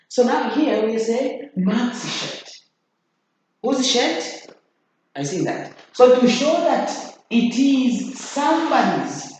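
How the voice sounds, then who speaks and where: Slow, deliberate teacher in an echoey room. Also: mid-range voice. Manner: repeats key phrases for emphasis; addresses students directly with checking questions. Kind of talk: classroom grammar lesson. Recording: very echoey room, faint noise.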